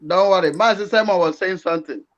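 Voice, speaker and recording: A Nigerian-accented man with a notably high voice, joking with friends on an online call. He repeats himself and stumbles over fillers while he teases them. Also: quick pace, muffled recording. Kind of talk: casual group chat in Nigerian Pidgin English.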